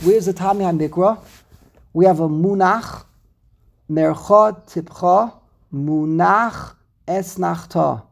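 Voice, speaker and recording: Gravelly man teaching a text lesson. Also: on the high side. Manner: animated, rhetorical questions, reads Hebrew terms aloud. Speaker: Torah teacher.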